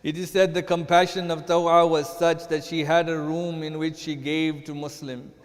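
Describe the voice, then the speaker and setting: A man's voice: on the high side, level tone, normal speed. A man giving a sermon as a sheikh, telling a mournful story and rising into chanted lament. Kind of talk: sermon narration. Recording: long hall reverb.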